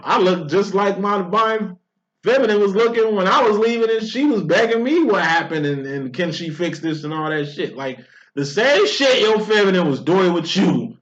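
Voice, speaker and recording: A man's voice: fairly high pitch, fairly bright tone. A man giving a casual spiritual card reading, blunt and profane, mocking his listener and acting out quoted lines in a raised voice. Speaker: tarot card reader. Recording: dull lo-fi recording.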